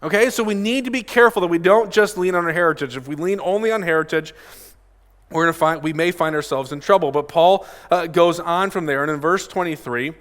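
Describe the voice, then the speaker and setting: A man's voice: on the high side, a little fast, fairly bright tone, long reverb tail. A male pastor giving a casual, direct sermon at a pulpit microphone and often asking his congregation questions. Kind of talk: conversational sermon. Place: church sanctuary.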